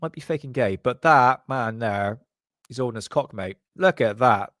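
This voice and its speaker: A man's voice: mid-range voice, lively intonation, moderate pace, fairly bright tone, no echo. Crude joking man, dry sound. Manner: crude, joking, laughs often. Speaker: channel host. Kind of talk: casual commentary on paranormal photos.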